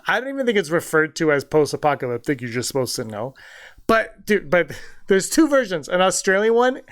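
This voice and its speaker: Young male podcast co-host, bouncy and expressive, breaks into quick impressions. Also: fairly high pitch. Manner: animated, laughing, does quick movie-voice impressions. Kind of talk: casual chat.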